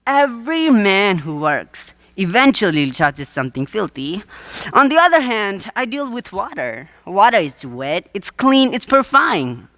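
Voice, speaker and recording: A teenage student in a live school stage play voices a wheedling male huckster on the waterfront who stages fake drownings, pitching his act with theatrical sales patter in full character voice. His delivery is very animated yet unhurried, swooping up and down with bright, ringing energy. The sound is dry and close, with no room sound.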